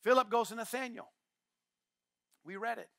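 An older man preaching a sermon as pastor, emphatic, repeating key phrases and swinging from quiet asides to shouts. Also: extremely high pitch, moderate pace, vocal fry, no room sound, clean studio sound. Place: church.

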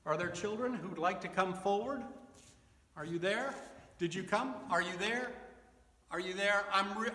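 Slow, gentle pastor giving children's sermon. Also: male voice, a little high. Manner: gentle, slow, coaxing, asks children questions. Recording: echoey, reverberant, from far off.

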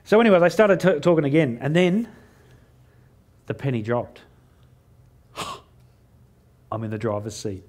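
A man's voice: a little high, expressive, a little slow, long pauses, a little mellow. A middle-aged Australian man giving a humorous talk on stage, telling a story and acting out the dialogue in a self-mocking way. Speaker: motivational speaker.

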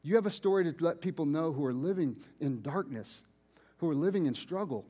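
A man preaching a sermon, telling personal stories conversationally and switching between loud and hushed delivery. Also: a little high, lively intonation, brisk, breathy edge. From United States. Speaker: pastor. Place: church sanctuary.

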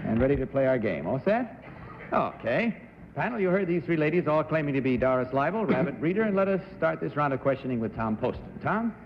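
A polished man hosts a game show, and his voice sits a touch high with lively swings. He sounds like an echoing studio hall on muffled vintage television audio with faint hiss. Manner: smooth, polite, reads affidavits aloud. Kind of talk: genial game show hosting.

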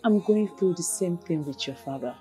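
An actress with a Nigerian accent playing a mother who gently coaxes her crying daughter. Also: on the low side, lively intonation, faint music behind, lightly acted. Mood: soothing. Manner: gentle, coaxing, unhurried. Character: soothing mother, middle-aged woman.

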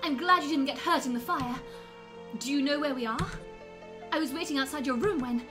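A woman voicing an anxious, gentle Shiba Inu dog. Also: very high voice, big pitch swings, moderate pace, voice pushed down. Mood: worried. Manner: pleading, anxious, earnest. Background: game music.

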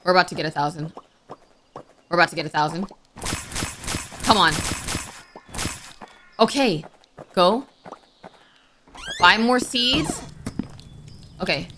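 A woman's voice: fairly low pitch, sing-song, takes it slowly, long pauses, pushed and bright, a little hiss or hum. A woman giving let's-play commentary, jumpy and flustered. She keeps crying out in alarm and pleads with the game under pressure. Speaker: gaming YouTuber. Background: game music.

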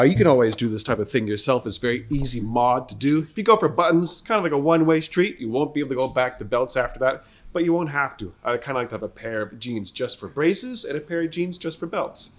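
A man's voice: medium pitch, quick pace. Congested man doing a playful fit check. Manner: playful, mock-grandiose. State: congested, muffled voice. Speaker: store staff presenter. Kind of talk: casual fit-check vlog. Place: clothing store.

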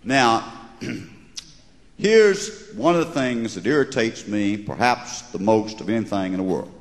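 A man's voice: lowish voice, animated, takes it slowly. Wry Southern man on stage. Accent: Southern US (Georgia). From American South. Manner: drawling, wry, mocking. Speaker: stand-up comedian. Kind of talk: stand-up storytelling. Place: large live venue with audience. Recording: echoey hall, crowd in background.

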